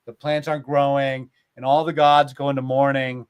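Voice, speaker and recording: A man retelling old myths in a casual, animated way, with lots of filler words, as a podcast host. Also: medium pitch, normal speed, clean tone. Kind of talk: casual storytelling chat.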